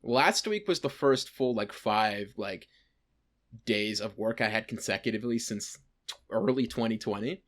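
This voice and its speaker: A man's voice: on the low side, normal speed, fairly bright tone. Casual young man telling a story. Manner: rambling with lots of "like" and swearing. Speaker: podcast co-host.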